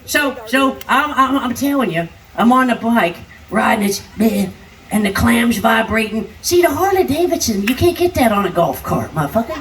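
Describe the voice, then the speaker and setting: An older woman doing raunchy live stand-up comedy, brash and crude, shouting her punchlines. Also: on the high side, animated, normal speed. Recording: live stage sound, distant, crowd noise. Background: noisy party crowd.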